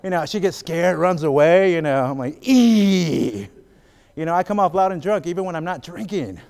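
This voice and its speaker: This man's voice sits on the high side, with a brisk pace and a darkish tone. He's from Arizona's Gila River area, performing stand-up and then sitting for an interview as a guest. He's chatty, uses lots of fillers, and laughs between jokes.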